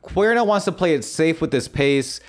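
A man co-hosting a casual wrestling podcast, excitable and profane, telling stories with self-mocking flair. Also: fairly high pitch, normal speed. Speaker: podcast co-host.

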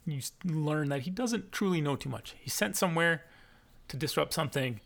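A man narrating a tabletop game as game master, halting with fillers and restarts. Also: on the high side, lively intonation, creaky, fairly bright tone.

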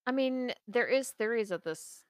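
A woman's voice: on the high side, lively intonation, clear, resonant tone, no echo. A woman co-hosting a podcast, telling a folk tale in a casual, teasing and giggly way. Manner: giggly, teasing, slow-spoken. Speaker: podcast co-host. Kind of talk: casual storytelling chat.

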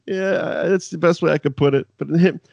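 A man's voice: a little high, fairly even intonation, moderate pace, vocal fry, a little mellow, no room sound, muffled recording. A man co-hosting a podcast, recapping wrestling in casual, profane chat and laughing often. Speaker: podcast co-host.

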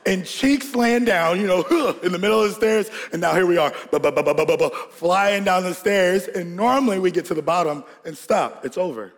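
A man from Georgia preaching a sermon, telling a lively childhood story with laughter and call-and-response to the congregation. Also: high-pitched, normal speed, hardly any pauses. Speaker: pastor. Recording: long hall reverb.

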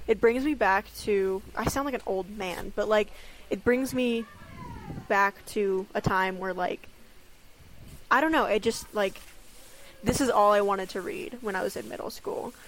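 A woman's voice: medium pitch, a little slow, long pauses, slight background noise. A nineteen-year-old woman in a casual book chat, talking with lots of fillers and sarcastic disbelief. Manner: filler-heavy, sarcastic, incredulous. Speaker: book discussion co-host.

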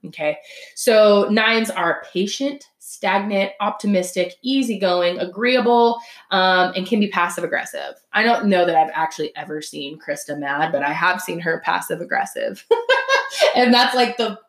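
A woman in her thirties talks casually on her own podcast, chatty and lively, slipping into her friends' voices when she retells stories. Her voice sits in a middle range, and the room gives it a noticeable echo. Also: mid-range voice. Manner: chatty, animated, acts out quoted friends. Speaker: podcast host. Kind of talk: casual solo podcast talk. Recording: roomy echo.

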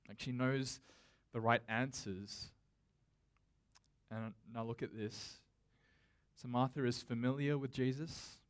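A man delivering a sermon in an easygoing, conversational tone, speaking directly to his congregation. His voice sits at an ordinary, middling pitch. He preaches with casual fillers and restarts rather than formal oratory. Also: steady tone, takes it slowly, long pauses. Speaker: pastor.

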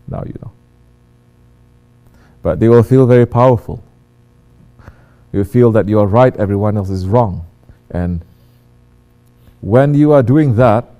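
Guy preaching a sermon, low mellow voice, goes from quiet to loud acting out voices. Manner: acts out quoted voices, swings from hushed to loud. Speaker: religious teacher.

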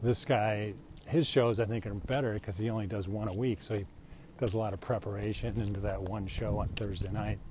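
A man's voice: fairly low pitch, fairly even intonation, a little fast, background noise. A middle-aged American man telling a rambling, chatty story in a casual monologue, laughing often. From United States.

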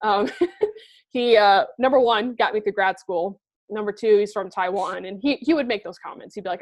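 A woman's voice: mid-range voice, normal speed. A young woman in casual chat, blunt and full of fillers, swearing often.

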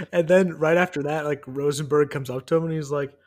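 A young man from the US Northeast co-hosting a casual movie podcast, excited and fast, full of "like" and "dude". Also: fairly high pitch. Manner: animated, fast, leans on "like" and "dude". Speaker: podcast co-host. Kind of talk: casual movie-review chat.

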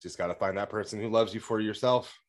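A man's voice: fairly low pitch, quick pace. A man co-hosting a podcast in casual chat, teasing and crude, often laughing. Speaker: podcast co-host.

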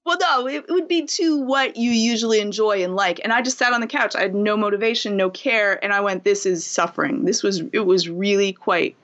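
A woman's voice: medium pitch, brisk, hardly any pauses, fairly bright tone. Woman therapist, dull lo-fi sound. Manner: earnest, explains with homely examples. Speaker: therapist guest. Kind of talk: casual interview chat.

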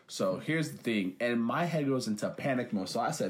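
A man's voice: mid-range voice, a little fast, hardly any pauses. Young man telling stories animatedly. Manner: animated storyteller, acts out quotes, swears freely. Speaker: podcast co-host. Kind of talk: casual storytelling chat.

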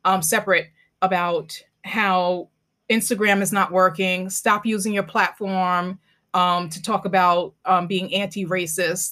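A woman's voice: fairly low pitch, little pitch movement, measured pace, pushed and bright. A woman hosting a podcast, chatting casually and telling stories animatedly with many fillers. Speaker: podcast host. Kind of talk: casual interview chat.

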